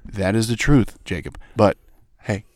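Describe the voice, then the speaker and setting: A man hosting a comedic podcast from a small closet, exasperated and pleading for everyone to calm down. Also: lowish voice, a little slow, no echo. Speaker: podcast host. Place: small hot broom closet.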